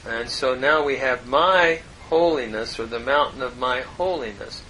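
A man walks through a Bible passage in Hebrew at a very unhurried pace, stopping to parse each word. His voice has a bright, forward edge. A faint low rumble sits behind him. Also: poor audio. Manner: slow, deliberate, parsing word by word with pauses. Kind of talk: verse-by-verse Hebrew lesson.

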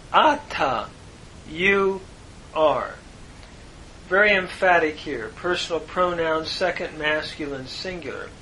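A man teaches scripture in a measured, unhurried way, leaning on key words for emphasis. His voice is bright and sits a little high. A faint low rumble runs behind him. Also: rough recording. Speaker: Bible teacher. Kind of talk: devotional Bible lesson with Hebrew word study.

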